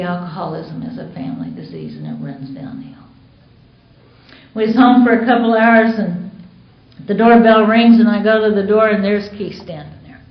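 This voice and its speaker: Woman, American, recovery meeting share, candid storytelling, roomy echo, dull lo-fi sound. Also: medium pitch. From United States. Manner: candid storytelling with acted-out quotes. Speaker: Al-Anon speaker. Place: meeting hall. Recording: roomy dull conference recording.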